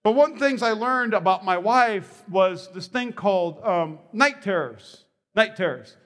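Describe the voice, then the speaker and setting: A man's voice: high-pitched, lively intonation, unhurried, a bit bright. A man preaching a sermon as pastor, telling stories with animation and restarting his words as he goes. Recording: long hall reverb.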